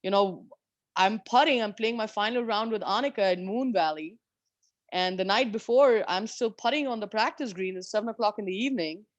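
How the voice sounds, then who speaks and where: A woman golfer telling stories of her years on tour in an interview, animated and candid, swearing freely. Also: medium pitch, a little fast, no room sound, muffled recording. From India. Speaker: professional golfer guest. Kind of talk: storytelling in an interview.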